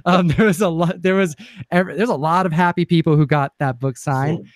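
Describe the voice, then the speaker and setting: A man's voice: a little high, brisk, no echo. Man, comic channel host, casual livestream chat, rambling with fillers, dry close sound. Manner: rambling storyteller, many fillers.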